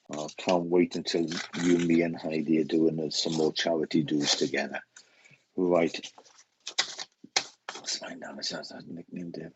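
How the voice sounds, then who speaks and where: A man giving live psychic readings on a stream, talking haltingly, repeating phrases and getting emotional. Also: very deep voice, gravelly, dull audio, background noise. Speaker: psychic medium host.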